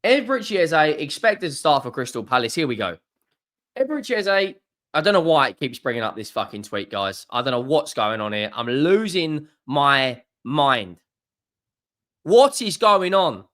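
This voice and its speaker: A man's voice: big pitch swings, fairly quick. Ranting football fan man. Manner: swears often, swings from low muttering to loud exasperated outbursts.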